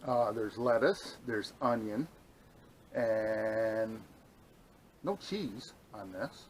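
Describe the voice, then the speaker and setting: A man's voice: fairly low pitch, expressive, very slow, slight background noise, low-quality recording. A man casually reviewing a camp meal he is cooking, rambling and enthusiastic, and talking as he eats. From New York state. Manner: enthusiastic, rambling, talks while eating. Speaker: outdoor vlogger. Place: outdoors at a campsite.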